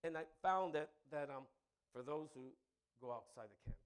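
A male pastor delivers a sermon with lively energy. His fairly high voice climbs into loud, emphatic peaks, then sinks into soft, reflective asides, with frequent laughter. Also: moderate pace, clean tone.

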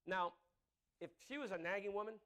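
Middle-aged guy preaching, high bright voice, laughs a lot, jokey with the crowd. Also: fairly quick. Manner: laughs often, jokes with the audience, repeats words. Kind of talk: sermon.

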